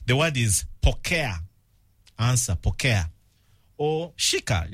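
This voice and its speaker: A man behind a studio mic hosts an afternoon radio show, joking his way through the links and a sponsor read. His voice swings up and down with animated energy. The sound is close and dry. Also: lowish voice, slow, husky, dry recording. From Uganda. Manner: playful, jokey, lively delivery. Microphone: studio microphone.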